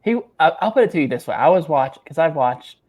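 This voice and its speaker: A man's voice: on the high side, no room sound. Male podcast co-host, chatty storyteller, dry close sound. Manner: animated storyteller, quick laughs, acts out quotes. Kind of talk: casual chat.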